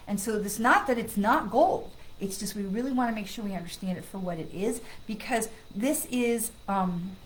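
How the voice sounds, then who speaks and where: On a live stream, a woman with a slightly high voice gives a psychic card reading in casual, reassuring chat, frequently asking "okay?" and "right?". The audio is poor, with a little hiss or hum. Greeting friends sets off her loud, excited laughter.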